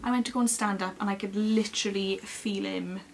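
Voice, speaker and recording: A young woman, chatting casually to camera as she tells a long personal story in an expressive, lively way. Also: mid-range voice, fairly quick, gravelly, slight background noise. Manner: chatty and expressive, acting out other people's lines. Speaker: beauty vlogger.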